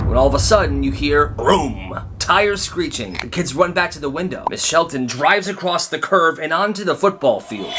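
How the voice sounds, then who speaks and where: Young male storyteller for comedic skit stories, expressive and animated. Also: fairly high pitch. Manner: animated, acts out the people in his stories.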